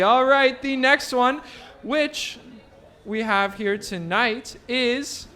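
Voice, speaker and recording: A man with a very high, bright voice emcees a raffle in front of a live crowd at an event venue. He speaks slowly and teases the audience between prize announcements. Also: smooth. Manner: joking, playful banter with the crowd.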